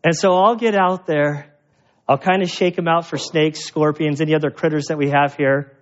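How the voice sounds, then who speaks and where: A man preaching with a higher voice. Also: fairly even intonation, moderate pace, dull audio. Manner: conversational, emphatic, with self-deprecating humor. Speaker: pastor. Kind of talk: expository sermon.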